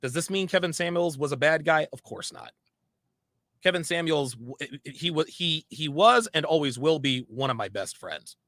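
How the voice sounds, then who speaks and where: Bright, dry-voiced man venting. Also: on the high side, animated, moderate pace, no echo. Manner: emphatic, repeats phrases, frank. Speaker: online commentator. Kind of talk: candid monologue.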